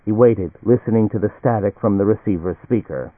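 A man narrating a novel in a measured audiobook reading. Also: on the low side, no room sound. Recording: tinny, phone-like and dry.

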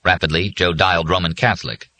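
A man reading a novel aloud in measured, scripted narration. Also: low voice, steady tone, bright, forceful tone, dry recording. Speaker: audiobook narrator.

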